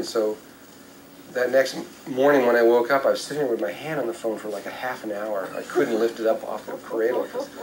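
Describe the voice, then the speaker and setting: A man's voice: mid-range voice, a little mellow, slight background noise, poor audio. An older man, a spiritual speaker, tells a rambling anecdote to a live audience, with fillers and self-corrections along the way. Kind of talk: storytelling talk to an audience.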